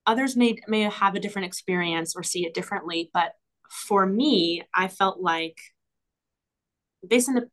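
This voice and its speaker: A woman's voice: fairly low pitch, a bit bright. A woman speaking as a guest on a podcast, in a reflective, enthusiastic way, with frequent fillers and small laughs. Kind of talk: casual conversational interview.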